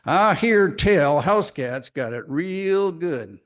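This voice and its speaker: A man's voice: a little high, expressive, slow pace. A man voicing a proud, scrappy barn cat in a folksy country dialect, reading a poem aloud. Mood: boastful. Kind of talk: dramatic poetry reading.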